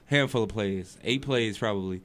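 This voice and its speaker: Deep-ish guy coaching football, chill and earnest in a group chat. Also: moderate pace, fairly bright tone. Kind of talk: casual chat.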